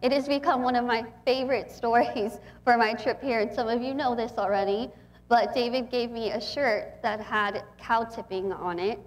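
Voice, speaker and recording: A young woman in her twenties from Texas speaks to a gathering as a guest speaker. She talks in a chatty, heartfelt way, and her voice sits a little high. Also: steady tone, moderate pace. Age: 20s. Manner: chatty, warm and emotional, with frequent laughs. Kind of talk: inspirational talk to an audience.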